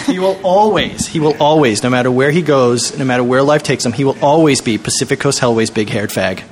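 A man's voice: mid-range voice, brisk. A man guesting on a podcast in casual chat, dropping dry joking asides. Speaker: podcast guest, co-host of his own show.

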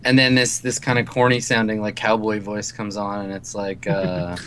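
A man's voice: on the low side, flat delivery, moderate pace, a bit bright. Guy running the game, lots of uhs and likes, faint hiss behind. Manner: loose, filler-heavy, friendly narration. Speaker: game master. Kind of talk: narrating a tabletop game.

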